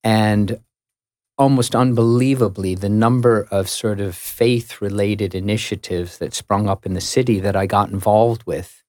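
A middle-aged man with an American accent tells a story with wry, self-mocking humour. His voice sits low, and the studio sound is dry and close. He talks chattily, as a guest at ease. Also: darkish tone, no room sound. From United States. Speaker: radio guest. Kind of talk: casual chat.

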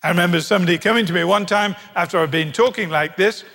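A British man preaching a sermon, animated and humorous, acting out quoted voices in his stories. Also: high voice, fast talker, creaky. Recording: long hall reverb.

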